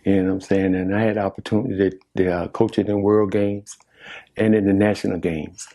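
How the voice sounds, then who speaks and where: An older man talks in a low, gravelly, mellow voice. As a longtime coach answering an interview, he speaks haltingly, pausing often and repeating himself. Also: little pitch movement. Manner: halting, many "uh"s and repeated phrases.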